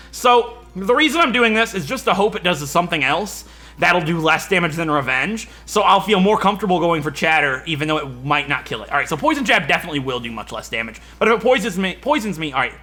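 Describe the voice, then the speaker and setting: A man hosting a Let's Play, reasoning through each move aloud in animated game commentary. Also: high voice.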